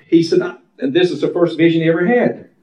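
Preacher guy going hard, kinda high voice, lots of echo, sounds far from the mic. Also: quick pace, darkish tone. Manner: fervent, rhythmic, repeats phrases. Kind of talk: sermon. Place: church sanctuary. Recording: echoey hall from far off.

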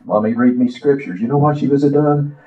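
An older man preaching a sermon, reciting a poem and telling his own story with impassioned, drawn-out phrases. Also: medium pitch, dark tone. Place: church. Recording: echoey, distant, dull church audio.

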